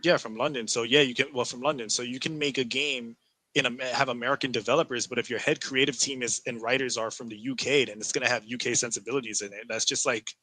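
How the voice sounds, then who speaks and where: Bright-voiced opinionated man. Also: mid-range voice, fast, poor audio. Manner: animated, opinionated, frequent restarts. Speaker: podcast co-host. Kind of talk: casual gaming chat.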